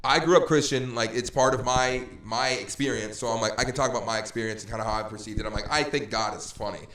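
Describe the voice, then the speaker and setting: A man hosting a casual podcast chat, rambling and animated, laughing often as he talks. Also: medium pitch, quick pace, echoey room. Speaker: podcast host.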